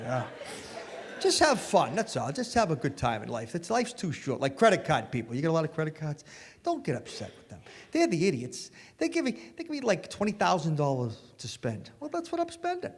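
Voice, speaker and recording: Animated man doing stand-up on stage. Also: fairly high pitch, fairly quick. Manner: animated storytelling, punchy delivery. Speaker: stand-up comedian. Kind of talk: stand-up comedy set. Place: comedy stage before an audience. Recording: live hall with reverb, faint noise.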